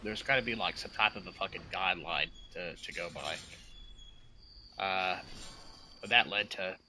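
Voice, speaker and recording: A young man with a fairly low but strikingly sharp, bright voice chats casually while streaming a game. He rambles through his story with lots of swearing and emphasis. Faint noise hangs behind him.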